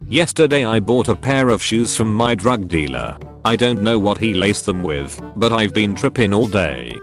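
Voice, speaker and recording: Male narrator, low and lively, deadpan joke reading, faint music underneath. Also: normal speed. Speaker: narrator reading Reddit posts. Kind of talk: scripted narration of jokes.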